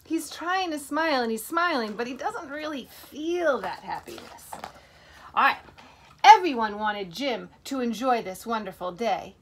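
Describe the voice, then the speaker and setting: A woman teacher reading a picture book to children in an animated way, stopping to ask them questions. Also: a little high, unhurried, slight background noise.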